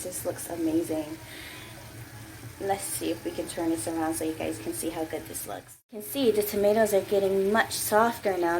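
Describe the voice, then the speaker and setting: A woman's voice: on the high side, fairly bright tone, a little hiss or hum, poor audio. A woman vlogger telling a personal story in a conversational, emphatic way while she cooks in her kitchen. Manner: conversational, emphatic retelling with restarts. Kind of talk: cook-along storytelling. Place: home kitchen.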